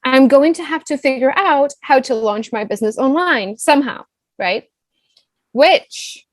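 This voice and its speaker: High-voiced woman with a foreign accent. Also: a little slow, dry recording. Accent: non-US foreign accent. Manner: animated, fillers like "like" and "right?". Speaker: guest, business coach. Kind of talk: personal storytelling in a podcast interview.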